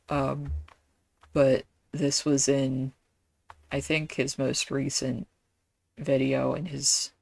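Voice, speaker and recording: A woman's voice: extremely low pitch, vocal fry, breathy edge. A woman streaming a game, chatting casually and rambling with lots of fillers and self-deprecating asides.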